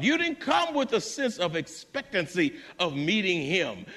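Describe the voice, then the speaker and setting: A man's voice: high-pitched, big pitch swings, unhurried, few pauses, sharp tone. A man preaching a sermon to his church congregation, building fervor through repetition. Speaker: pastor. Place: church sanctuary.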